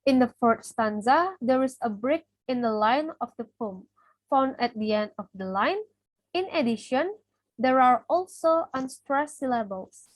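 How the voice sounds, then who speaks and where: High-voiced young woman reading notes. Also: lively intonation, measured pace, no echo, rough recording. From Indonesia. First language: Indonesian. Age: young adult. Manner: reads steadily from notes, listing terms. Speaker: student presenter. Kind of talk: reading a class presentation.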